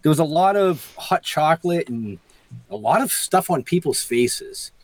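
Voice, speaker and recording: A man's voice: fairly high pitch, expressive, a little slow. A man co-hosting a podcast, teasing and swearing freely. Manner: teasing, profane. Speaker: podcast co-host. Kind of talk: casual podcast chat.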